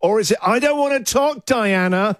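A man's voice: sits high, normal speed. Jokey male radio host over music. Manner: jokey, laughs often. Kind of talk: casual breakfast radio chat. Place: radio studio.

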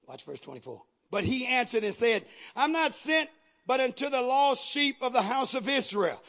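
A man with a very high voice preaches a fiery sermon. He calls out to the congregation and builds to shouted exhortations. It is heard through a radio broadcast of a church service. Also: husky. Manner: call-and-response preaching, rising to shouts. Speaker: pastor.

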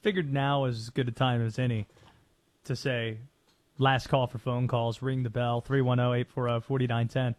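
A man hosting a sports talk radio show, casual and playful, quick to joke with guests. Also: medium pitch, little pitch movement.

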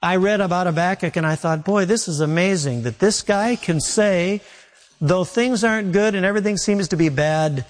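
A man's voice: high voice, normal speed. A man preaching a sermon as pastor, telling homely stories and repeating phrases for emphasis. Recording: long reverb of a large hall.

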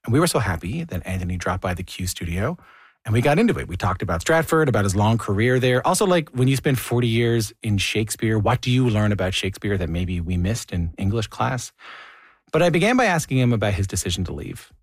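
A man's voice: on the low side, animated, brisk, husky, no room sound, studio quality. A man hosting a radio interview show, talking in a casual, chatty way. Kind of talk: hosted radio interview with intro monologue. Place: radio studio.

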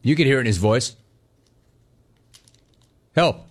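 Brash middle-aged sports radio host, quick joking banter, male, mid-low voice. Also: lively intonation. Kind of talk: call-in sports talk.

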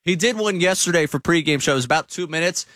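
A man's voice: fairly high pitch, brisk, fairly bright tone, dry recording. A man hosting sports talk radio, breaking down the team's start in a studio. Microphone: studio mic.

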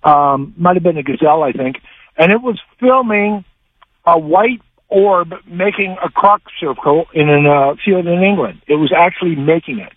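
Male radio caller, rambling and hesitant, a touch high-pitched, heard over a dry telephone line. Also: normal speed, dry recording. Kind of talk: call-in radio question. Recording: dry, tinny phone line.

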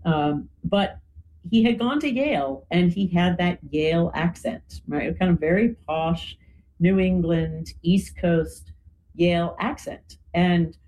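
A woman's voice: fairly low pitch, slow pace, mellow, slight background noise, rough recording. A woman explaining history in a conversational talk, often adding "you know" and "right?". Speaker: guest speaker.

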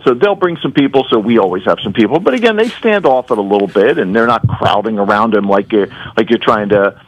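A man's voice: fairly low pitch, animated, brisk, no room sound, dull audio. A man speaking as a casino entertainment representative in a radio interview, with lots of fillers and restarts. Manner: hesitant, many fillers and restarts.

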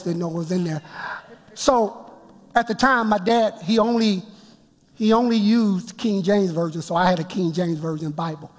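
A man preaching a sermon, telling his story with emphatic build-ups that rise toward shouts. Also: high voice. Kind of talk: sermon testimony. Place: church sanctuary before a congregation. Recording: long reverb of a large hall.

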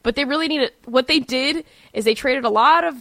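A woman's voice: sits high, sharp tone, dry recording. A young woman co-hosting a sports talk radio show, giving confident, opinionated takes backed by stats. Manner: confident, opinionated, quick stat recall.

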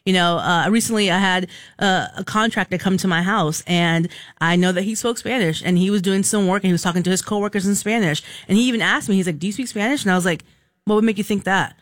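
A woman's voice: on the low side, fast talker, dry recording, studio quality. A woman co-hosting a radio show, telling casual stories and acting out the dialogue in them. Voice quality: animated storyteller acting out dialogue. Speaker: radio co-host. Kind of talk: casual radio chat, storytelling. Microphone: studio microphone.

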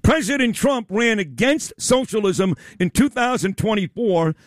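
Animated, high-voiced ranting radio host man. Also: measured pace, no echo, clean studio sound. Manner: loud, combative, blunt and profane. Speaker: radio talk show host. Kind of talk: opinion radio rant.

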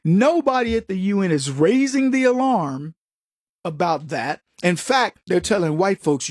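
A man's voice: sits high, big pitch swings, a little slow, slightly rough, no room sound, studio quality. A man giving an opinionated, combative monologue as a commentator, who is from the United States and mocks other voices as he talks. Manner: emphatic, combative, mocking quoted voices.

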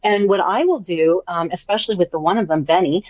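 A woman's voice: fairly low pitch, fairly quick, no echo, muffled recording. A woman who works as an animal communicator, talking chattily and enthusiastically as a guest in a radio interview. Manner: warm, chatty, enthusiastic, many fillers.

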